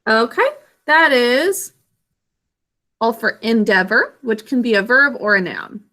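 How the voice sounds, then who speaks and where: A woman teaching an online reading lesson over a video call, sounding out words slowly and clearly syllable by syllable. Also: fairly high pitch, expressive, sharp tone.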